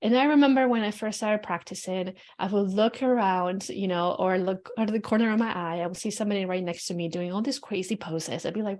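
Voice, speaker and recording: A woman's voice: medium pitch, brisk, few pauses, darkish tone. A woman hosting a podcast, talking in a loose, casual, reflective monologue full of "you know" and "like", frank enough to drop the odd swear word. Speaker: podcast host.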